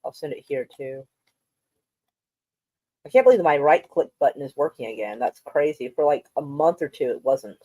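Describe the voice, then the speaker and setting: A woman's voice: deep voice, expressive, normal speed, long pauses, dark tone, dry recording. A woman hosting a casual live stream, rambling offhand and swearing now and then. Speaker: streamer host.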